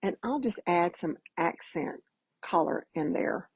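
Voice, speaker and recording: A woman's voice: fairly low pitch, lively intonation, measured pace, slightly rough, no room sound, poor audio. A woman giving a casual live painting demo, chatty and folksy, greeting viewers by name as she works. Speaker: painting instructor.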